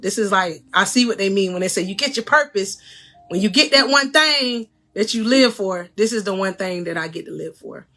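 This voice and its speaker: A woman's voice: medium pitch, sharp tone. A woman life coach giving a faith-based motivational livestream, speaking fervently and preachily straight to her viewers, with laughs between phrases.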